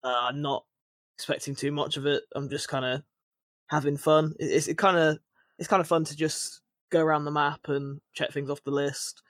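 A man talking casually on a podcast, his voice sitting a little high for a man. He rambles, restarting sentences and filling gaps with little fillers. The recording is close and dry. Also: little pitch movement, moderate pace, fairly bright tone, no room sound. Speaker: podcast co-host.

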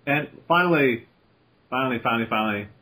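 A man's voice: mid-range voice, animated, quick pace, pushed and bright, rough recording. A man hosting a casual podcast chat, with a dry, sarcastic humor and R's that come out like W's. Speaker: podcast host.

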